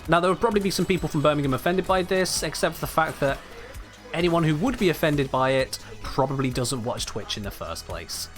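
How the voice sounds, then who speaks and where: A man's voice: a little high, expressive, fairly quick, faint music behind. A man from England, chatting casually and wryly to his livestream chat while playing a game. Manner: chatty, wry, reads out and answers chat. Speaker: streamer.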